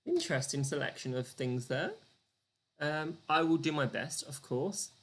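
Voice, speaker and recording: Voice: mid-range voice, measured pace. A live-streamed quiz host, chatty and self-deprecating, counting down the clock and reading out the answers and the leaderboard.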